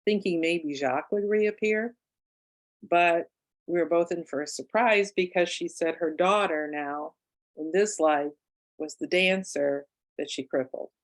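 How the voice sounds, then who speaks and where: A woman's voice: on the low side, unhurried, rough recording. A woman, an author and past-life regressionist, telling a client's case story in a conversational way with asides and fillers. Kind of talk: book club talk, telling a case story.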